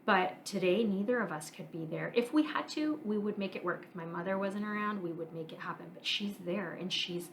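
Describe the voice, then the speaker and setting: A woman in her thirties talks straight into the mic in a candid solo podcast, earnest and reflective. She thinks out loud, pausing on fillers as she works through her feelings. Her voice sits at a medium pitch, with a faint hiss of background noise. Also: low-quality recording. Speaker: podcast host.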